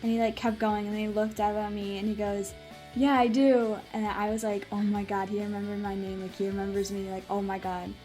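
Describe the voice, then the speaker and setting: A woman's voice: medium pitch, flat delivery, brisk, dark tone, soft background music. A young woman telling a story in a casual vlog, gushing and using many "like"s. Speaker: vlogger.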